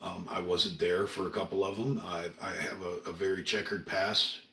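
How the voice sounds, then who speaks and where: Brief: middle-aged man, low and earnest, talking a bit off-mic in a roomy home room. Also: flat delivery, normal speed, a bit bright, recorded from a distance. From Oregon, USA. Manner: earnest, rambling, emotional. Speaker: livestream host. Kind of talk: casual livestream monologue.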